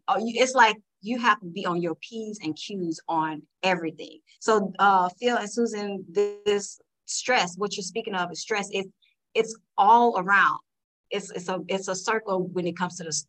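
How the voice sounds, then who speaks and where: A woman telling a story in a casual, animated chat, with lots of fillers and restarts. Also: mid-range voice, rough recording. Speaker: guest panelist.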